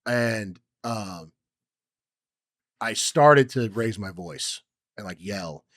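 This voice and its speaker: A young man co-hosting a podcast who tells a personal story in a rambling way, with many ums, and acts out quotes loudly. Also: on the low side, drawn-out words, dry recording, studio quality. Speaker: podcast co-host. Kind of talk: casual chat, personal story.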